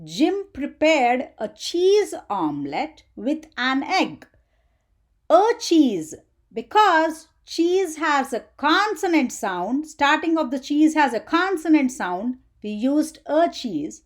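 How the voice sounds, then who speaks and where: A woman's voice: high-pitched, sing-song. A woman teaching an English grammar lesson for children, asking the viewer questions as she goes. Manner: slow, sing-song teaching voice with questions to the viewer.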